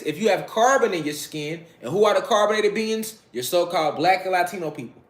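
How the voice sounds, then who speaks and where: This man, an esoteric lecturer, has a high-pitched, lively, brisk voice. Addressing the camera informally, he hammers points home repeatedly in slangy, profane street talk and keeps checking in with his audience.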